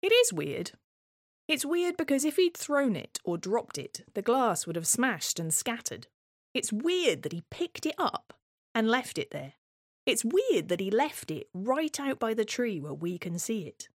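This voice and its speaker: A woman performing her own scripted dramatic monologue, sardonic and deadpan with frequent swearing. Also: a little high, measured pace, dry recording, clean studio sound. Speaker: playwright performer.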